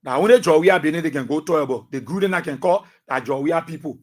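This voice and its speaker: A man's voice: a little high, fast talker. A middle-aged man with a Liberian English accent, hosting a radio talk show with emphatic, repetitive commentary. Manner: emphatic, repetitive, swings between soft asides and loud outbursts.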